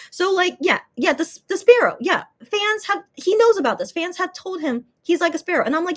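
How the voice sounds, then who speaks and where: A high-pitched woman talks through a video in casual reaction commentary. She rambles, restarts her sentences and often cracks up laughing. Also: normal speed, few pauses. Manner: giggly, rambling, animated, many restarts; loud bursts of laughter. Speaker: fan vlogger.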